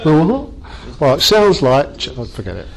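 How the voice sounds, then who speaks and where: A man's voice: on the high side, wildly swooping pitch, moderate pace, poor audio. A man leading a workshop training session, chatty and self-mocking as he jokes with the group.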